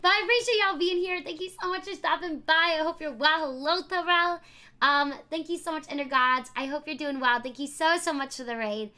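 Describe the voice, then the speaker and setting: A woman's voice: high voice, fairly quick, bright, forceful tone. A young woman streaming live, chatting casually and effusively thanking viewers by name. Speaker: variety streamer.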